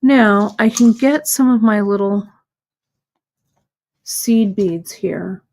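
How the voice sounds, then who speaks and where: Female host for a live hands-on lesson: measured, leisurely delivery, warm checking-in with viewers. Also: medium pitch. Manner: patient, step-by-step, checks in with "okay?". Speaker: host demonstrating bead embroidery. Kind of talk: live craft tutorial.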